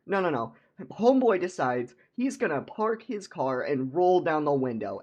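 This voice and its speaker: Husky young man rambling through a story. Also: fairly high pitch, sing-song, moderate pace, dull audio. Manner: rambling, heavy use of "like", laughs, repeats words. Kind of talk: casual storytime vlog.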